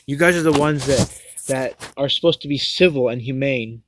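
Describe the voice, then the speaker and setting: This livestream host delivers a heated, profane rant, tripping over repeated words as he restarts again and again. He speaks at normal speed with a medium-pitched voice, and background noise can be heard.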